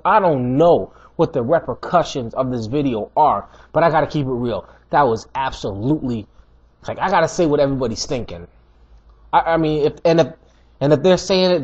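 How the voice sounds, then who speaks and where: A man giving a casual, animated fight review, full of slang and emphatic repetition. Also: fairly high pitch, a little fast, husky. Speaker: MMA commentator. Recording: dull lo-fi recording.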